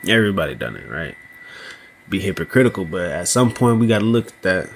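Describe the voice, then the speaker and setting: A man hosting a solo podcast, talking slowly and loosely, often asking "you know what I mean". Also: low voice, big pitch swings, a little hiss or hum. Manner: slow, thoughtful delivery with small laughs. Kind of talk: casual solo podcast monologue.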